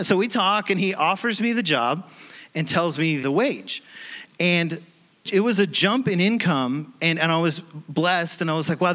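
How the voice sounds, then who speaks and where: A young man telling a personal testimony in a sermon, animated and acting out the people he quotes with laughing asides. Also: a little high. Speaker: church speaker telling a testimony.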